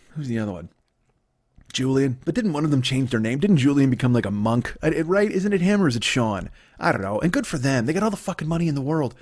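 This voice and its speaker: Profane rambling man in his forties. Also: a little high. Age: 40s. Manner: profane rambling with mocking put-on voices. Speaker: comedian host. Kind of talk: solo comedy podcast rant.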